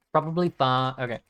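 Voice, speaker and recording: A man's voice: a little high, highs cut off. A male gaming streamer giving casual gameplay commentary, muttering repeated item names as he clicks and swearing often.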